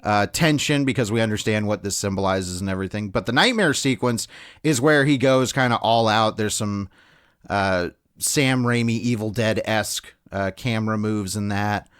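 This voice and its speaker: A man's voice: lowish voice, moderate pace, fairly bright tone, smooth. Chatty man with fillers and restarts. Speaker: podcast co-host. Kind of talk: casual film discussion.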